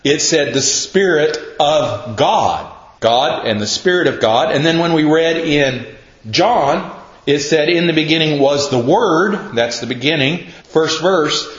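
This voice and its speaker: A man gives a Sunday sermon in a casual, chatty manner, joking about himself before he reads verses slowly and deliberately. His voice sits a bit high for a man. It is recorded with lots of room echo and a dull, lo-fi tone. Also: expressive, fairly bright tone. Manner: conversational, self-deprecating, reads scripture slowly. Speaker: pastor. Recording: echoey, dull lo-fi room sound.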